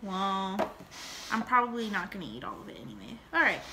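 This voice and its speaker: A woman's voice: mid-range voice, big pitch swings, fairly quick, sharp tone, slight background noise. A young woman telling a rambling story and chatting in a casual home vlog, with lots of fillers and acted-out quotes. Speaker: vlogger.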